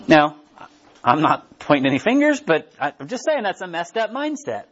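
A man's voice: a little high, sing-song, normal speed, slightly rough. A man preaching in a casual, conversational way and often checking in with "right?", heard on a dull lo-fi recording. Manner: casual, keeps asking "right?". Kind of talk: conversational Bible teaching.

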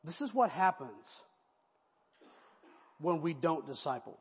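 A male pastor preaches in an animated, conversational way, with a high, husky voice that rises and falls widely. He is heard through a dull, lo-fi recording with a long hall echo. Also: a little slow. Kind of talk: expository sermon. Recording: echoey hall, dull lo-fi sound.

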